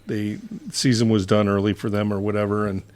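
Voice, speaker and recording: A man's voice: on the low side, little pitch movement, fairly quick, darkish tone. A man in his sixties, a former college football player, telling profane locker-room stories with a chuckle in a casual chat. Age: 60s. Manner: swears freely, chuckling anecdotes. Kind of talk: casual storytelling.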